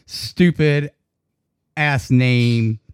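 A man's voice: medium pitch, drawn-out words, smooth, no room sound, clean studio sound. A man co-hosting a podcast in profane, joking casual chat, laughing often. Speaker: podcast co-host.

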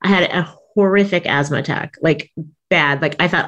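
A woman's voice: low voice, normal speed, fairly bright tone, dull audio. A woman comedian and author, a guest telling a personal story in an interview, acting out quoted lines with big jumps in her voice and laughing often.

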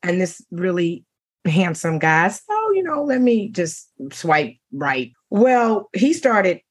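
Brief: middle-aged woman talk show co-host, husky, animated storyteller, laughs a lot. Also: fairly low pitch, takes it slowly. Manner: animated, laughing, voices quoted men. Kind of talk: casual storytelling chat.

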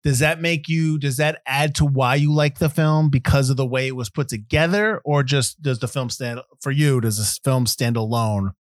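A man's voice: medium pitch, normal speed, few pauses, dry recording, clean studio sound. A man hosting a podcast in a casual film chat, telling stories with many restarts. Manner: rambling, animated storyteller with many restarts. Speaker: podcast host.

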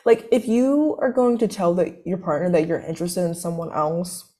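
A woman's voice: on the low side, lively intonation, normal speed, mellow. A young woman, a college student, telling a long story in casual chat, full of fillers and restarts. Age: young adult. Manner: rambling, filler-heavy, self-interrupting.

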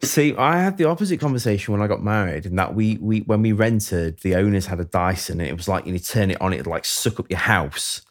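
A man's voice: on the low side, expressive, a little fast, hardly any pauses. A man hosting a casual podcast chat, rambling and laughing easily. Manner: chatty, rambling, laughs often. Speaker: podcast host.

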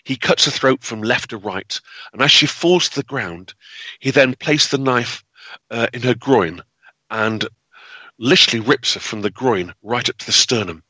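Bright-voiced guy telling an old crime story, dramatic, lots of ums and uhs, dry close mic. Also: medium pitch, normal speed, slightly rough, no echo, low-quality recording. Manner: dramatic, with frequent fillers and restarts. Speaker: historical storyteller. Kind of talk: spoken history storytelling.

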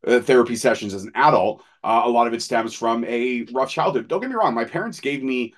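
A man's voice: mid-range voice, fairly quick. A man in his thirties, a podcast co-host, telling personal stories in candid, profane, casual chat. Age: 30s.

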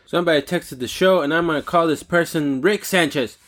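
A man hosting a talk show alone, ranting in a casual, animated and indignant way, swearing freely. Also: on the high side, fairly quick. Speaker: podcast host. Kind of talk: casual solo rant.

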